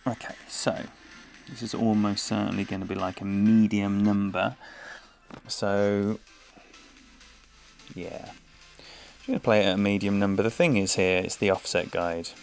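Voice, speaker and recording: A man's voice: fairly low pitch, steady tone, unhurried, gravelly, pauses often. Chatty man streaming a game. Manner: chatty, greets viewers by name, laughs easily. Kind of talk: live gameplay commentary, chatting with viewers. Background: faint game music.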